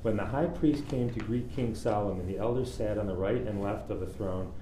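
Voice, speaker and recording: A man's voice: fairly low pitch, brisk. A man reading a religious text aloud to a study class. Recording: echoey room with faint noise.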